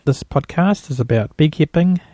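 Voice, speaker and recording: A man's voice: fairly high pitch, lively intonation, normal speed, dark tone, no echo, studio quality. A man hosting a casual podcast interview, chatty and upbeat, from New Zealand. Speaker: podcast host.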